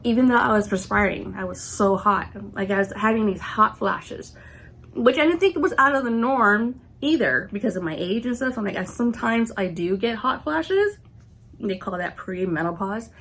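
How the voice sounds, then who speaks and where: A woman's voice: medium pitch, a bit bright. Chatty vlogger woman, sick and congested. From California, USA. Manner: chatty, retells scenes with "I'm like" and quoted reactions. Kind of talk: casual storytelling to camera.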